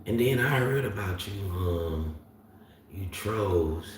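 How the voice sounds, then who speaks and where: Low, slow-drawling Southern man. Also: animated, a little hiss or hum. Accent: Southern US (north Florida). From Florida, US. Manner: rambling, drawling, talks back to chat. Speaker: livestream host. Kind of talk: casual livestream chat reading comments. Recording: very echoey room, distant mic.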